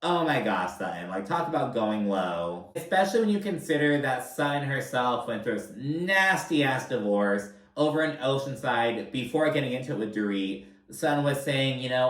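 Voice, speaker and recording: A man's voice: mid-range voice, lively intonation, moderate pace, far from the mic. A young man giving a casual, chatty reality-TV recap with lots of filler words and swearing. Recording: roomy sound, voice a bit off-mic.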